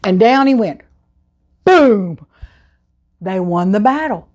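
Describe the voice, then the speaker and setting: A woman teaching a children's Bible lesson, telling the story in an animated, exclamatory way. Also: medium pitch, normal speed.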